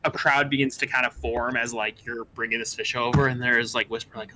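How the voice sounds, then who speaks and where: A man's voice: mid-range voice, little pitch movement, a little fast, pushed and bright, a little hiss or hum, low-quality recording. A man running a tabletop game as game master, narrating loosely with many restarts. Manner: loose, full of fillers and restarts.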